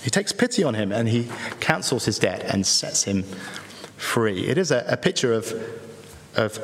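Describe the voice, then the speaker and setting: A man preaching an earnest sermon in church, pausing between phrases and using rhetorical tag questions. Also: mid-range voice, very animated, slight background noise. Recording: echoey hall reverb.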